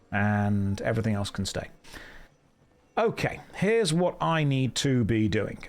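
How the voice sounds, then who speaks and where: A man streaming from home on a desk microphone, chatting playfully with viewers while he plays. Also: medium pitch. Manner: playful, jokey, chats with viewers. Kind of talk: casual live game stream commentary.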